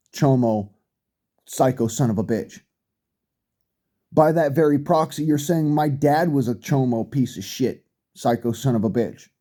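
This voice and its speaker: Very dark-voiced man on a profane rant. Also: medium pitch. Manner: blunt, heavy swearing, repeats himself for emphasis. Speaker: vlogger.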